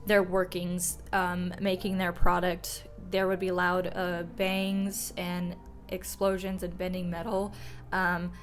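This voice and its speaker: A woman's voice: on the low side, monotone, slow pace, faint music behind, low-quality recording. A young woman telling folklore on her vlog in a loose, profane, self-mocking way. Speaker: folklore vlogger. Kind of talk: casual storytelling vlog.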